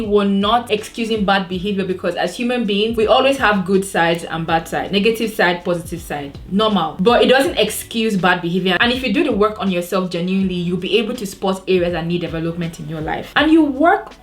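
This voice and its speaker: A woman from Nigeria with a Nigerian accent, giving earnest motivational advice to camera in a vlog. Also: mid-range voice. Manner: earnest, advising, asks rhetorical questions. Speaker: vlogger.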